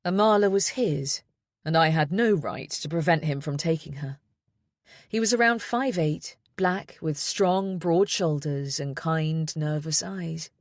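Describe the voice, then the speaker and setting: A woman reading a first-person thriller audiobook in a measured, steady way. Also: low-pitched, no echo, studio quality. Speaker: audiobook narrator.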